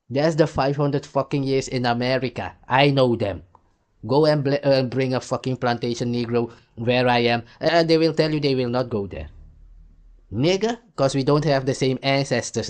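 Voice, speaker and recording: A male commentator delivering a heated, profane rant between clips, firing off repeated rhetorical questions. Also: mid-range voice. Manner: angry, repetitive rhetorical questions.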